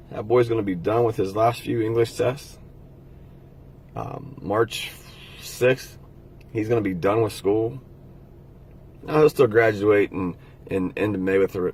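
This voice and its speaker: A man's voice: lowish voice, a little mellow, breathy edge. A middle-aged man talking casually and earnestly to his viewers, giving heartfelt motivational advice. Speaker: motivational vlogger. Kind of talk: casual motivational talk to camera.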